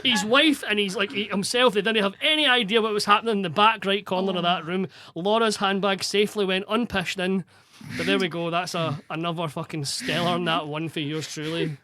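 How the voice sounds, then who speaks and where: A young Scottish man, a podcast co-host, telling a sweary, animated story in casual chat. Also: high-pitched, fairly quick, dry recording.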